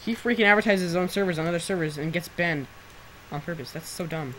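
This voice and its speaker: A teenage boy chatting casually while gaming with a friend, excitable and quick to shout, his throat sore from screaming. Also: a little high, heavy background noise. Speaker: gameplay commentator. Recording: loud keyboard typing and clicks.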